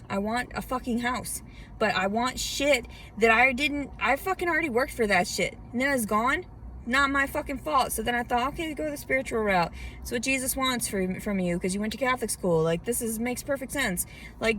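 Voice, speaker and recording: A woman's voice: a little high, brisk, a bit bright. Agitated woman ranting in her car. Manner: agitated, heavily profane ranting. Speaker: vlogger. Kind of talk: venting monologue to camera. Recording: distant mic with faint car noise.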